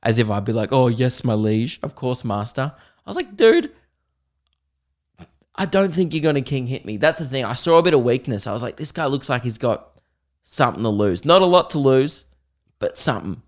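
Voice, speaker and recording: An Australian man hosting a podcast, telling a comic story in a lively, self-mocking way and acting out the people in it. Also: medium pitch, fast talker. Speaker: podcast host, comedian.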